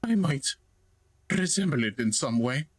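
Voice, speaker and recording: A man's voice: medium pitch, expressive, a little slow, breathy edge, no echo. A man voicing a frightened, paranoid man hiding in a closet, with a shaky, stammering, apologetic delivery while reading game dialogue aloud. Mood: uncertain.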